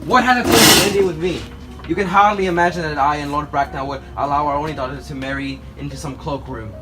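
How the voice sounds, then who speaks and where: A young man playing a haughty, stern aristocratic lady, in a low mock-stern voice. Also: brisk, distant mic, over music, close to an everyday voice, low-quality recording.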